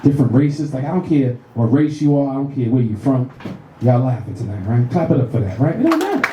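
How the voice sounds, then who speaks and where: A middle-aged man from the Bronx with a New York accent, doing a loud, profane stand-up set with shrill put-on voices. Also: very animated, quick pace, noisy background. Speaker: stand-up comedian. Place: comedy club stage. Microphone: handheld stage mic. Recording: roomy club sound from a distant mic. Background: audience laughter.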